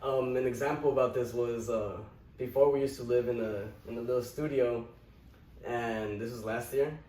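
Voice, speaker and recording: A man chatting casually on a podcast, telling a lively anecdote and often laughing mid-sentence. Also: mid-range voice, normal speed. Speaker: podcast guest. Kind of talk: casual storytelling chat. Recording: roomy, distant mic with faint noise.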